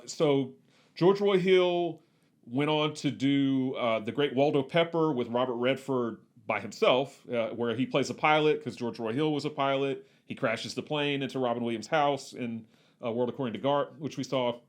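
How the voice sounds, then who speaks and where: A man's voice: mid-range voice, moderate pace. A man co-hosting a movie podcast, talking casually and enthusiastically, rattling off trivia with lots of "uh" fillers. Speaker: podcast co-host.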